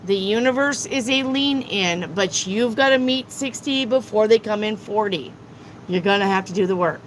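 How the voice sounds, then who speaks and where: A woman's voice: mid-range voice, normal speed, a little hiss or hum, low-quality recording. A woman tarot reader on a live stream, lecturing her viewers bluntly and swearing often.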